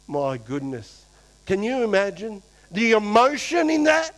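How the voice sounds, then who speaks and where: A pastor preaching a lively sermon to his church, acting out quoted voices and swinging between loud and hushed. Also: high-pitched, a little slow, low-quality recording.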